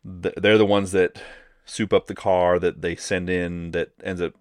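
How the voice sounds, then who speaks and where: A man's voice: low-pitched, little pitch movement, unhurried, a little mellow, no echo. A man co-hosting a podcast, recapping a movie's plot in a rambling, casual way with lots of fillers. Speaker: podcast co-host. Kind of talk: casual movie review chat.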